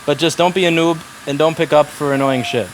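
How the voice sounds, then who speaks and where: A shop owner lays down the rules to his staff in a blunt, profane rant. His man's voice sits a little high. Faint background noise runs under the talk. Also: brisk. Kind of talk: casual workplace talk. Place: repair shop.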